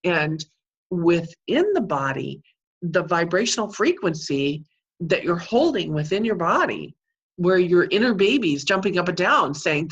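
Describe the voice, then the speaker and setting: A middle-aged woman with a notably low, deep voice speaks in an interview. She explains at length in an earnest, teaching manner and leans often on "you know." Her tone is steady and sincere. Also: a little slow, slightly rough, highs cut off. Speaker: psychic medium and Reiki practitioner. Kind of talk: interview answers, explaining spiritual healing.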